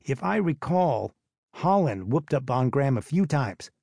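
A man's voice: mid-range voice, big pitch swings, a little slow, creaky, darkish tone, slightly rough, no room sound, studio quality, exaggerated voice. A man doing a know-it-all teen boy. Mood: matter-of-fact.

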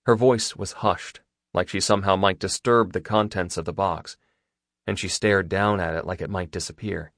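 A man narrating a first-person romance novel in a steady, intimate storytelling manner. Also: deep voice, normal speed, dry recording, studio quality. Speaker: audiobook narrator.

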